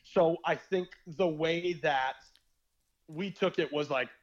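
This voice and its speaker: This young podcast guest, a former reality show contestant, speaks slowly in a fairly high voice with the highs cut off. His casual storytelling is candid and rambling, peppered with slang and a swear word now and then.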